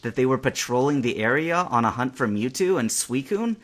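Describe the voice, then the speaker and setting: A man narrating a fan-fiction story aloud with expressive storytelling. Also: medium pitch, moderate pace.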